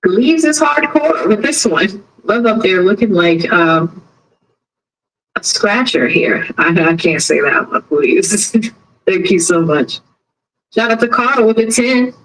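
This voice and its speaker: A woman's voice: mid-range voice, slow pace, low-quality recording. Chatty woman hosting a live stream. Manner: chatty, animated storyteller who acts out quotes. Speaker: live stream host covering a trial. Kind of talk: casual live chat.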